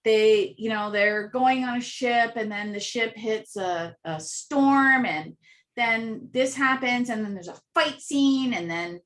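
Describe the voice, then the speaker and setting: A woman telling animated anecdotes as an interview guest, acting out little voices and laughing often. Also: fairly high pitch, slow. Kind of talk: casual storytelling interview.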